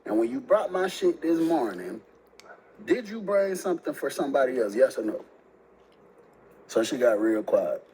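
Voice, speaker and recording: A man casually telling a personal story in heavy slang, jumping up in pitch when he quotes himself. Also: normal speed, long pauses, slight background noise, low-quality recording. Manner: animated, slangy, jumps high when quoting himself.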